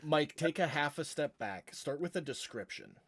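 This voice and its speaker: A man's voice: a little high, lively intonation, normal speed, fairly bright tone. A man running a tabletop game over voice chat as game master, patiently directing the players.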